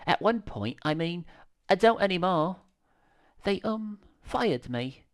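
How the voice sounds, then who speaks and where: A man's voice: sits high, lively intonation, slow, voice pushed up, exaggerated voice. A man voicing a timid, stammering young woman begging for shelter. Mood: pleading. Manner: hesitant, stammering, apologetic. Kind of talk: reading game dialogue aloud.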